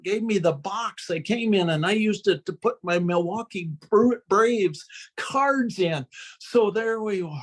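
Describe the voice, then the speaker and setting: Older man, folksy storyteller. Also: high voice. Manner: folksy, animated, acts out quotes and sound effects. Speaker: storyteller and birder. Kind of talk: humorous storytelling talk.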